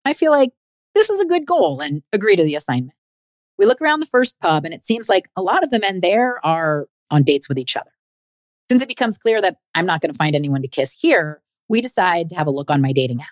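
A woman hosts her podcast and narrates a personal travel story. Her low voice rises and falls with lively expression, and her delivery is wry. The close recording is dry, with no room sound. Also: a little fast, no echo. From United States. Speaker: podcast host and comedian.

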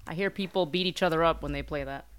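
Low-voiced woman co-host with dry deadpan humor. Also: fast talker, smooth. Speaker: podcast co-host. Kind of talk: casual chat.

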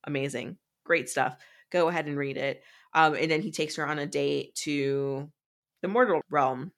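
A woman's voice: low voice, normal speed. A woman co-hosting a podcast, casually recapping a book in a chatty way, with lots of fillers. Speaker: podcast co-host.

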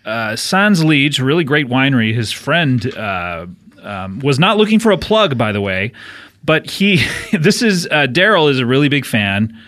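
A man's voice: mid-range voice, sing-song, measured pace, fairly bright tone. A man hosting a comedy podcast, rambling through stories and laughing often as he chats. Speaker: podcast host. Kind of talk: casual comedic banter.

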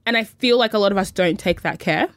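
A woman's voice: mid-range voice, quick pace, no echo. A woman co-hosting a podcast in casual chat. She thinks aloud in long, reflective runs and acts out the lines she quotes. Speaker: podcast co-host.

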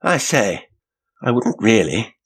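A man's voice: lowish voice, sing-song, normal speed, slightly rough, voice pushed up. A man reading a story aloud and voicing a talkative, cheerful young male passenger. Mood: urging. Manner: talkative and eager.

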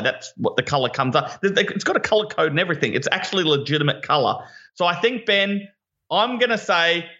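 Australian man, excitable co-host, bright, sharp voice, slightly high. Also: dull audio. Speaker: podcast co-host. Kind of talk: casual podcast chat.

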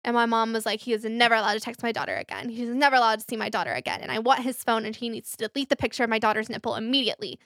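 Young woman, casual podcast chat, higher voice, dry close sound, candid storyteller. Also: racing, hardly any pauses, a bit bright, dry recording. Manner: candid storytelling, acts out quoted voices, many fillers. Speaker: podcast co-host.

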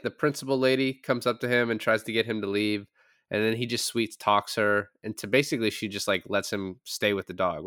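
A man co-hosting a podcast, reviewing a film in casual chat, animated and swearing freely, laughing often. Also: lowish voice, clean tone, dry recording, clean studio sound. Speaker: podcast co-host.

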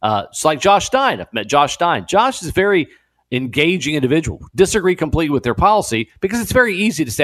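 A man guest-hosting a talk radio show, talking in an animated, incredulous way with laughing asides. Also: on the high side, fast talker. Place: radio studio.

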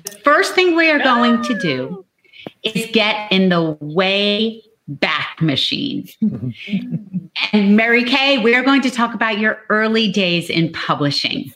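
A woman's voice: medium pitch, fairly bright tone, poor audio. A playful woman co-host chatting and reading a sponsor spot. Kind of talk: casual chat.

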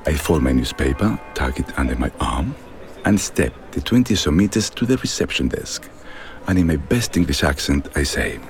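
A man telling a scene in first person, slow and deliberate. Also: very deep voice, very animated, a little hiss or hum. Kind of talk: first-person dramatized narration.

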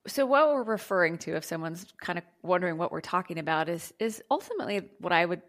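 Soft-voiced woman, lowish tone. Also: lively intonation, fast talker. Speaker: guest, channeling teacher. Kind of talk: spiritual interview talk.

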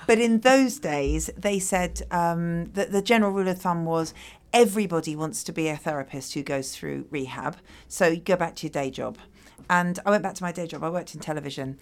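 Woman, low pitch, therapist, reflective, conversational. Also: normal speed, hardly any pauses. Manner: reflective, acts out quoted dialogue. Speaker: addiction therapist, guest. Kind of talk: conversational interview.

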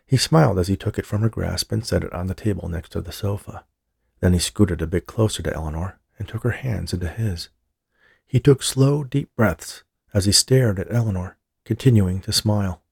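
A man reading a novel aloud as an audiobook narrator, in a steady, measured way. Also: deep voice, gravelly, breathy edge, dry recording, studio quality. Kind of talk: scripted narration.

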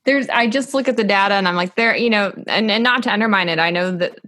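A woman commentator making a measured, earnest argument in a podcast conversation. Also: medium pitch, fairly bright tone, dry recording. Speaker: policy commentator. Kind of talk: opinion commentary in a podcast chat.

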